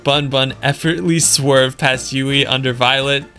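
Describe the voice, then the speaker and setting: A man's voice: mid-range voice, fairly even intonation, a little slow, sharp tone, soft background music. A young man narrating a game let's play, laughing often and mocking his own reading. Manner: giggly, self-mocking. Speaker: gaming video creator.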